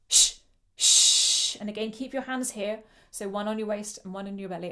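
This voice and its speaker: Woman coaching choral breathing. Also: mid-range voice. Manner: encouraging, demonstrates breathing with shushing sounds. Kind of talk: online vocal workshop instruction.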